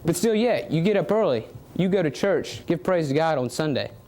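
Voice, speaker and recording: A man's voice: a little high, normal speed. A young man with a Southern US accent giving a competition speech, asking the audience questions as he goes. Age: young adult. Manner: animated, rhetorical questions to the audience. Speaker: student public speaking contestant.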